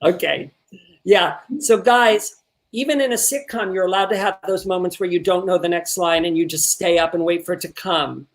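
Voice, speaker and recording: Animated man coaching actors over a video call. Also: high-pitched, normal speed. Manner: animated, swears casually, repeats words when excited. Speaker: acting teacher. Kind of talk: coaching an actor in an online workshop.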